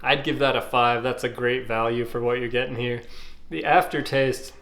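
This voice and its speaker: A man, casually reviewing ice pops and thinking aloud with fillers and pauses. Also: medium pitch, steady tone, fairly bright tone. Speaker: food reviewer.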